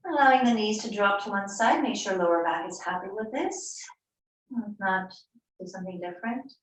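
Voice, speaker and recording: A woman yoga teacher giving slow, soothing, unhurried cues in a live class. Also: medium pitch, lively intonation. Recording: echoey room, mic far off.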